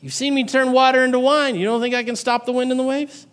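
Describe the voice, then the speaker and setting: A calm teacher questions his frightened followers, read out by a male preacher. Measured and searching, the voice sits high for a man. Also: smooth. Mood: rebuking.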